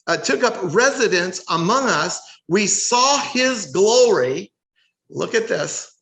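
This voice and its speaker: A man's voice: high-pitched, animated, slow, vocal fry, fairly bright tone. An American man teaching a Bible study in a sermon style, emphatic, reading scripture aloud and asking rhetorical questions. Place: church hall. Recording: echoey room.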